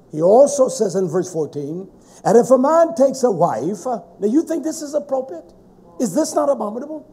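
A man preaching a sermon in a fervent, emphatic way, with sudden shouted stresses. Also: very high voice, very animated, moderate pace, breathy edge.

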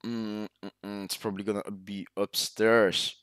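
A man commentating his own ranked match over a headset, teasing and mock-insulting his teammates, with sudden loud outbursts. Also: fairly low pitch, flat delivery, moderate pace, clear, resonant tone, no room sound, clean studio sound. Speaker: gaming video host. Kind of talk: live gameplay commentary over voice chat.

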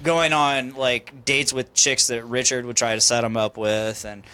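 A man's voice: mid-range voice, level tone, a little slow, pushed and bright, smooth. A man joining casual podcast chat, making dry, wry remarks. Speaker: podcast co-host.

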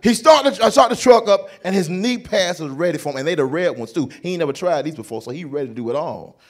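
A young adult man doing stand-up comedy at a church, telling a story in an animated, playful way. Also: on the high side, fast talker.

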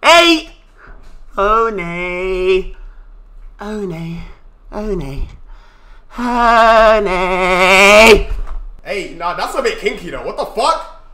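A man streaming live in casual chat, loud and theatrical, often shouting and laughing. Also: high-pitched, expressive, very slow, long pauses.

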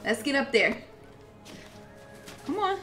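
A woman's voice: high voice, very animated, slow pace, bright, forceful tone, soft background music. A young woman giving chatty, casual commentary while playing a video game. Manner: chatty, reacts aloud to the game. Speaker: gameplay streamer. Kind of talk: casual let's-play commentary.

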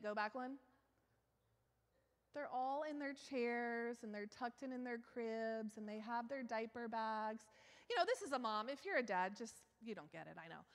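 A woman preaches in a chatty, self-mocking way, laughing often and rising to loud exclaims. Her voice sits a little high. Long church hall reverb trails after each phrase. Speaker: guest preacher. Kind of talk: sermon. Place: church sanctuary.

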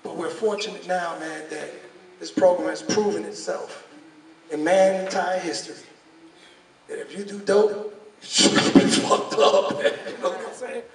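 A man's voice: sits high, normal speed, creaky. A man hosting a meeting, casually talking to the room and introducing the next comedian. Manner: conversational, addresses the room directly. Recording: echoey room, distant mic, background noise.

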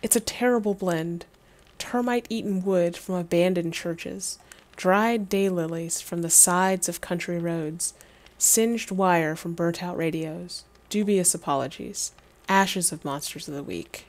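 A woman's voice: on the low side, measured pace. Wry woman reading a game on stream. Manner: wry, laughing, swearing asides.

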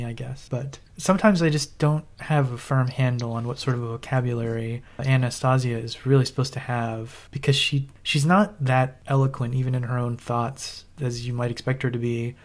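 A podcast co-host in a casual book-discussion chat with a medium-pitched voice. The critique is dry and wry, broken up by hesitant fillers. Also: a little mellow.

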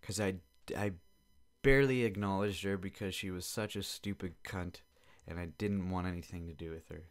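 Deep-voiced and steady, a young adult podcaster talks at an ordinary pace from his home basement. His rant is casual but irritated, full of rambling and profanity.

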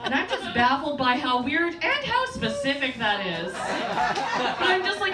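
High-voiced woman comic, echoey room. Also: a crowd in the background. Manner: animated, self-deprecating, quick asides. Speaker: stand-up comedian. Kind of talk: stand-up comedy storytelling. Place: comedy club stage. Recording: echoey club, distant mic, noisy.

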